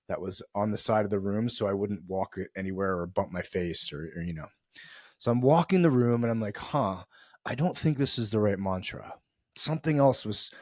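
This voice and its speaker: Low-voiced man telling a story. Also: a little mellow, no echo, clean studio sound. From US East Coast. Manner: loose and conversational, many fillers and restarts. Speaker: podcast host. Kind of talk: reflective storytelling monologue.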